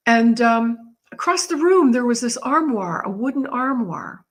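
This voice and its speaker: A woman's voice: fairly high pitch, measured pace. Woman vividly telling a personal story. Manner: vivid, animated storytelling with laughter. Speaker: guest. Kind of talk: storytelling in an interview.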